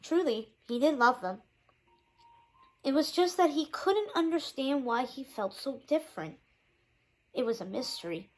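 Teacher narrating a kids' chapter book, expressive, slightly high voice. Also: female voice, poor audio. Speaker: teacher reading aloud. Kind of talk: children's book read-aloud.

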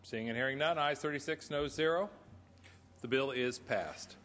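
A man presiding over a senate floor session, running the procedure in brisk, formulaic phrases. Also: medium pitch, a bit bright, a little hiss or hum. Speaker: presiding officer of a state senate. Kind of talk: formal parliamentary procedure. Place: large legislative chamber. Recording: chamber broadcast with long reverb.

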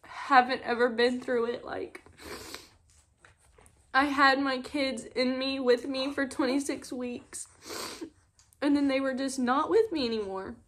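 A woman's voice: sits high, fairly even intonation. Tearful young mother. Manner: tearful, halting, many "like" fillers. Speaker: mother vlogger. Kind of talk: emotional personal storytelling. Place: at home on a couch.

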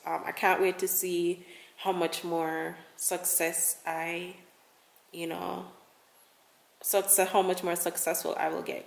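A woman's voice: fairly low pitch, gravelly, reverberant. A young woman travel vlogger talking casually to camera in a rambling, effusive way, often repeating her words.

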